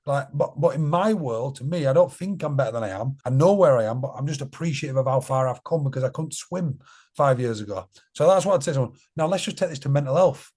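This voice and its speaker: Quick-paced and medium-pitched with a darkish tone, the man speaks as a podcast guest and charity co-founder. He keeps it casual, blunt and earnest, leaning on repeated phrases for emphasis.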